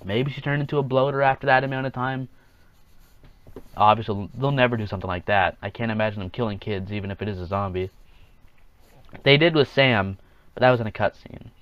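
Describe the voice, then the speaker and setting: A man's voice: fairly low pitch, fairly quick, pauses often, a bit bright, muffled recording. A man hosting a casual solo podcast, rambling along, chuckling at his own jokes and acting out quotes in offhand voices. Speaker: podcast host.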